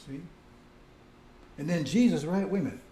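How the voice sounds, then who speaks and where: A man's voice: a little high, expressive, normal speed, dark tone, reverberant. A man preaching a casual, conversational sermon, often breaking in with "see?" and "right?".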